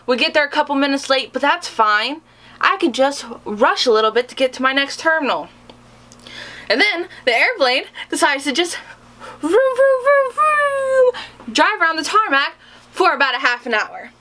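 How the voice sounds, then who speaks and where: Bright, animated young woman vlogger. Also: on the high side. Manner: animated, dramatic storytelling with self-mocking sarcasm. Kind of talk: storytime vlog.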